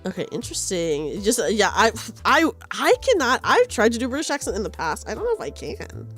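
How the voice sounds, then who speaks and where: Brief: lively chatty young woman streamer, animated pitch, soft game music underneath. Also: a little fast. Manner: chatty, giggly, reads game lines aloud. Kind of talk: live game stream commentary.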